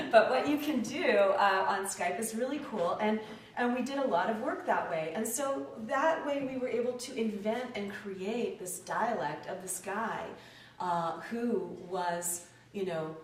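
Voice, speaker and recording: A woman coach gives a lively talk to a group, acting out speech sounds as she explains them. Her voice sits mid-range and comes from across an echoey room, with faint background hum. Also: medium pitch, distant mic. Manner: animated, demonstrates sounds aloud. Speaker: acting professor and dialect coach. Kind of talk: lecture talk. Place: lecture room, indoors. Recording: echoey room, picked up from afar.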